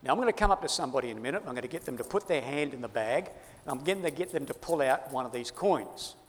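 An Australian man gives a playful, teasing presentation to a live audience in a large hall, drawing them in with participation. His medium-pitched voice is animated and quick, and a long hall reverb trails his words.

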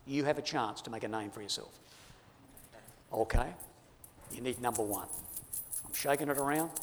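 A man's voice: mid-range voice, normal speed, a little hiss or hum. An Australian man giving a playful, teasing talk to a live audience in a large hall. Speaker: speaker giving a presentation. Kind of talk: lively audience-participation talk. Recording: long hall reverb.

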